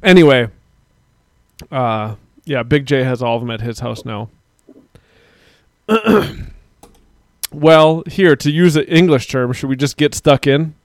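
A man's voice: medium pitch, slow pace, long pauses, dry recording. A man in his thirties co-hosting a casual streamed chat show, rambling with frequent laughs and casual swearing. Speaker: podcast co-host.

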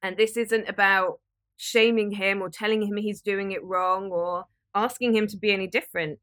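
A woman, hosting a podcast and giving earnest, direct, gently emphatic advice. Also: mid-range voice. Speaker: podcast host. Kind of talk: motivational advice talk.

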